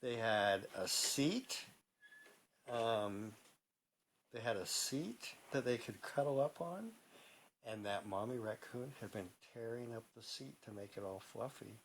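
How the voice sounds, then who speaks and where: Animated man telling a child a story. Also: medium pitch, slow pace, slight background noise, rough recording. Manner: animated, asks the listener questions, laughs along.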